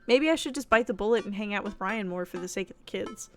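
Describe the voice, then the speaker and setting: A woman's voice: mid-range voice, fast, soft background music. A young woman streamer chatting casually, rambling and laughing easily while she plays a game. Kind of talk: casual chat and reading a game aloud.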